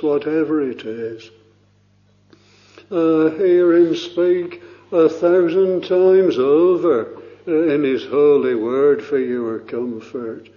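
A man preaching a sermon slowly and solemnly, often pausing with "uh" and rising in fervour, on a muffled, low-fidelity recording.

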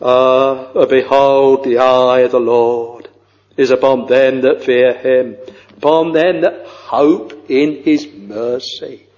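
An older man preaching a sermon with fervent, halting delivery and sing-song rises on scripture. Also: mid-range voice, fairly even intonation, darkish tone. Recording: dull, echoey old church recording.

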